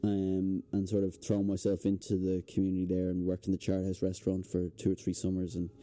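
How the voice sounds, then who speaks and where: A young Irish man talks as a podcast guest, his voice low and very dark. He tells stories in a relaxed, rambling way, with plenty of fillers. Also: fast. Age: young adult. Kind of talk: casual chat. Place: indoors, hotel podcast setting.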